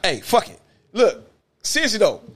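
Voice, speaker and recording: A man with a Detroit accent, a former bus driver hosting a podcast, telling wild stories in a loud, profane, animated way that drops to mutters. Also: sits high, moderate pace. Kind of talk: casual storytelling chat.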